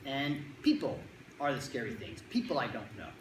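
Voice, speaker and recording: A speaker at a middle pitch gives a talk to parents about anxious children. The speaker keeps slipping into quick put-on kid and parent voices to act out scenes. The sound is roomy, with echo from the hall and faint noise behind. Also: sing-song. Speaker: child anxiety clinician giving a talk to parents. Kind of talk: talk to a live audience.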